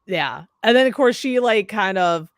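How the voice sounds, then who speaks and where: A young woman hosts a casual horror review, retelling the plot with profanity and animated quoted voices. Her voice sits close and dry, with no room sound. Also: mid-range voice, moderate pace, no room sound. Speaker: horror movie review host. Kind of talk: casual movie recap chat.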